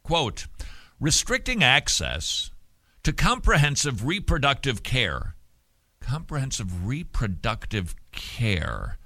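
Guy ranting sarcastically on a talk show, bright voice, pitch all over, dry room. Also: slow pace, dry recording. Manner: sarcastic, mocking, animated. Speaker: show host. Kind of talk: opinion commentary.

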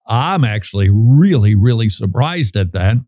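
A man's voice: lowish voice, lively intonation, moderate pace, mellow, dry recording, clean studio sound. A man hosting a show, giving casual, opinionated commentary in a conversational, emphatic way.

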